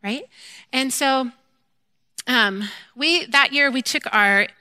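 A woman gives a personal faith testimony in a bright, ringing voice. She is candid and self-deprecating and acts out her own quoted lines with lively animation. The recording is dry and close. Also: sits high, slow pace, smooth, no echo. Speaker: mother sharing a faith testimony.

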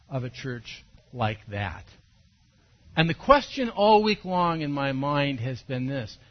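Husky-voiced pastor telling a story. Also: male voice, medium pitch. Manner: animated storytelling with sudden loud bursts. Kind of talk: sermon. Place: church service. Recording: dull lo-fi sermon recording.

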